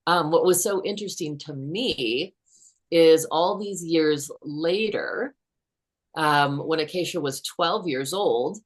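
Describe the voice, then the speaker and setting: A woman in her fifties with a notably low voice tells a personal story as a guest author. She speaks in an earnest, unhurried way.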